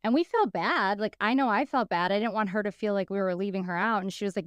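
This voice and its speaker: Female podcast co-host, smooth clear voice, dry close sound, lively storyteller. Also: medium pitch, fast talker, few pauses, no room sound. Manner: animated, acts out quoted people. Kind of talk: casual storytelling chat.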